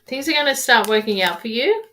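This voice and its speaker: A woman's voice: on the high side, animated, brisk, pushed and bright, slight background noise. A woman giving live-streamed tarot readings in a rambling, repetitive, affectionate way, calling viewers darling and my loves. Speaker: tarot reader.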